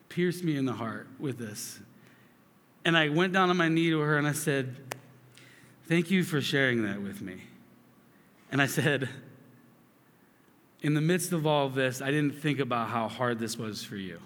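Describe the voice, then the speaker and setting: A man's voice: a little high, measured pace, pauses often, fairly bright tone, slight background noise. Earnest man preaching in a hall. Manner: earnest storytelling with asides and repeated restarts. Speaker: pastor. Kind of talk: sermon.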